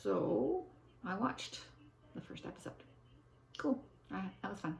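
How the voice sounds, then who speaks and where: A woman's voice: mid-range voice, big pitch swings, unhurried, vocal fry, in a whisper. An older woman, chatting casually in a meandering way and breaking off into forgetful asides to herself. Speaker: vlogger. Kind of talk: casual rambling chat. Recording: echoey room.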